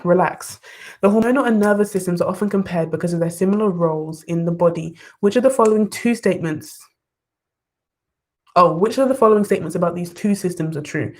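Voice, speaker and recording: A young adult study vlogger is live-streaming, reading questions out loud and reacting to her viewers with bursts of excitement. Her voice is a bit low for a woman, and she sounds like she's at her bedroom desk, wrapped in blankets.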